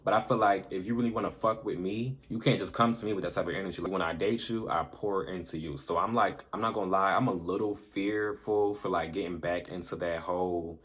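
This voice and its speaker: Deep-voiced man telling a candid story. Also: a little fast, hardly any pauses. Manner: candid, profane, animated retelling. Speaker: storytime vlogger. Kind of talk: casual storytelling to camera.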